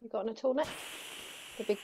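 A woman's voice: fairly high pitch, quick pace, mellow, a little hiss or hum, rough recording. A woman playing along on voice chat, chiming in with teasing asides. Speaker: co-player on voice chat. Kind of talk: casual gaming chat.

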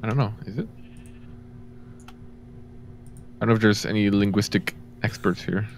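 A man co-hosting a casual gaming session, joking and teasing his friends in an animated way. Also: lowish voice, unhurried, slight background noise. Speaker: gaming podcast co-host.

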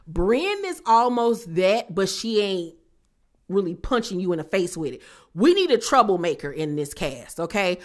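Brief: woman, mid-pitched voice, sassy and animated, chatty reality-TV recap vlogger. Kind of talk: casual recap commentary.

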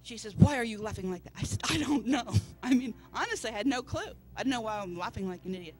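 With a little high voice and a fast pace, a woman shares her personal testimony from the pulpit of a church service while music plays in the background. She tells it as a story, voicing the people she quotes.

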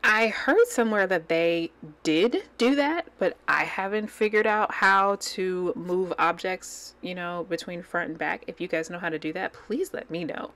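A woman hosting her planner channel at home, chatting and rambling while she decorates a digital planner into a desk microphone. She gushes over what she likes and drops into soft, near-whispered asides. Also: fairly low pitch, moderate pace, hardly any pauses, slight background noise.

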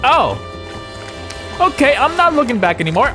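A young man playing a horror game and reacting loudly, yelping and swearing at scares, then rambling through a recap. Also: high voice, normal speed, over music. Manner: excitable, yelps and swears at scares; rambling, self-correcting outro recap. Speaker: gaming YouTuber. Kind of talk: reactive gameplay commentary.

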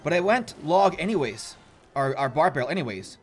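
A young man talks through a mobile game match in a chatty, self-mocking way and laughs often. His voice sits a little high and swoops up and down with lively energy. Faint music plays behind him. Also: brisk. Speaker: gaming YouTuber. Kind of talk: casual gameplay commentary.

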